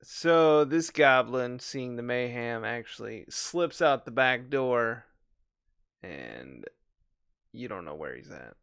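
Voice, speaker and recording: A man's voice: mid-range voice, lively intonation, slow pace, gravelly, a bit bright, smooth, no echo, studio quality. A man narrating as game master for a tabletop game, describing the action and clarifying the rules.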